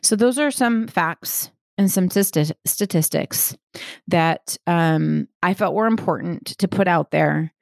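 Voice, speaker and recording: A woman's voice: lowish voice, slow, gravelly, no echo, clean studio sound. A woman hosting a solo podcast, reading quotes aloud and then breaking them down point by point, often checking in with "right?". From Texas, United States. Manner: explains step by step, checks in with "right?" and "okay?". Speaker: podcast host and coach.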